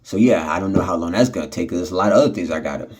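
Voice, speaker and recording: A man's voice: low voice, rapid-fire, a little mellow, breathy edge. A man talking casually into his phone in his apartment, chuckling often and rambling with plenty of fillers and restarts. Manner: laughing often, frustrated, many fillers and restarts. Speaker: vlogger.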